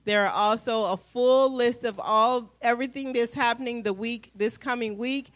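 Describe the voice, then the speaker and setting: A woman pastor with an American accent giving lively, chatty church announcements to her congregation, calling them y'all. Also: a little high, normal speed, no room sound, muffled recording. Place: church sanctuary.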